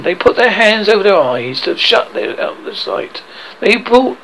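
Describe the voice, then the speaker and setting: A man's voice: high voice, sing-song, a little slow, fairly bright tone, a little hiss or hum, low-quality recording. A man narrating a storybook aloud, often stumbling and correcting himself. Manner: reads with frequent stumbles and self-corrections. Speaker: audiobook reader.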